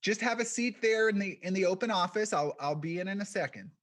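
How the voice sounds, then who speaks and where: A man voicing an elderly woman therapist with a high, squeaky voice who talks in a gushing, wonder-struck way. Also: fairly quick, fairly bright tone. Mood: brisk.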